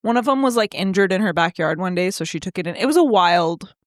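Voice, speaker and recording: Young woman podcast co-host, lively pitch, dry close sound, swears while telling stories. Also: quick pace, no echo. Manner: animated, swears freely, acts out quoted voices. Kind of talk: casual chat, storytelling.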